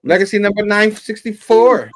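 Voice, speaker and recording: A man's voice: high voice, normal speed. A man co-hosting a comic book review show, chatting loosely and laughing easily. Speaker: co-host. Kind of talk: casual comic book chat.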